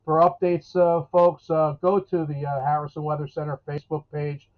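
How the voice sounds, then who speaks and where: A New weatherman chats about the forecast in a rambling, folksy way, stopping and restarting his sentences. His voice sits a bit high for a man. It comes through a thin, tinny, phone-like line. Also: monotone, moderate pace. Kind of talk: casual live interview.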